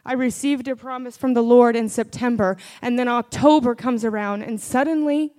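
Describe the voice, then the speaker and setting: A woman delivers a sermon in a high voice. She speaks earnestly, mixing scripture with her own testimony. At times she rises into fervent prayer. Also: fairly even intonation, moderate pace, a little mellow. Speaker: preacher.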